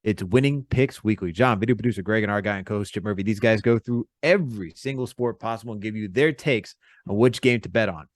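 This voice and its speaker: Young host wrapping up a sports podcast, brisk and upbeat, fast delivery, dry mic. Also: male voice, fairly low pitch, dry recording. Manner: brisk, upbeat show announcements. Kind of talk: podcast sign-off and promotion.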